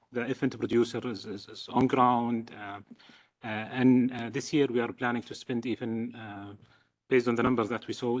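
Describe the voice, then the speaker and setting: A man from Saudi Arabia with a Saudi accent, a native Arabic speaker, giving a formal statement as the host country's representative, halting, with many fillers and repeated words. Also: medium pitch.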